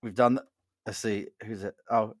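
A man's voice: fairly low pitch, fairly even intonation, normal speed, dry recording, clean studio sound. A middle-aged man with a Mid-Atlantic accent, hosting a casual chat at a bar, jokey and chatty with frequent laughs. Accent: Mid-Atlantic American. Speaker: host.

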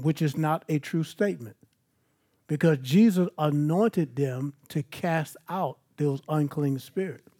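High-voiced emphatic male preacher. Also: measured pace, mellow. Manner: emphatic and conversational, mixing scripture with personal stories. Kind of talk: sermon. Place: evening church service.

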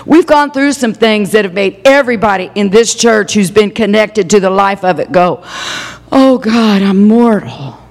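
A woman's voice: mid-range voice, creaky. An older woman pastor preaching a passionate sermon, stretching out key phrases for emphasis. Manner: impassioned, drawn-out emphatic phrases. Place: church sanctuary. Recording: long hall reverb.

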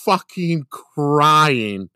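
A man's voice: a little high, expressive, extremely slow, bright, forceful tone, smooth, dry recording, clean studio sound. A man in casual chat on a podcast, rambling through a story with lots of fillers and swearing.

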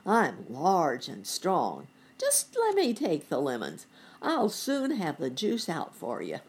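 A woman's voice: low voice, wildly swooping pitch, slow pace, husky, exaggerated voice. A woman voicing a big, strong, polite male circus elephant in a children's storybook. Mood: confident.

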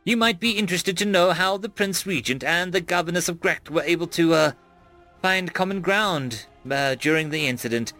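A man's voice: sits high, moderate pace, pushed and bright, soft background music, pitched above the performer's own voice. A man voicing a stern, aloof male alien ambassador who speaks stiffly and formally.

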